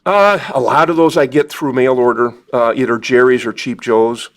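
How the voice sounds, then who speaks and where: A watercolor instructor at a club gathering speaks in a steady, medium-pitched voice at normal speed during a live demonstration. He rambles, puts himself down, uses plenty of fillers and takes the group's questions.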